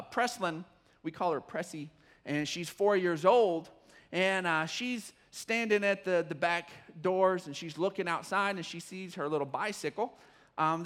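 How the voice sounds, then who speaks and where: A middle-aged man preaching a sermon as pastor, telling stories in a folksy way with many restarts and occasional excited whoops. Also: fairly high pitch. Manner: animated storytelling, bursts of whooping and shouting when excited.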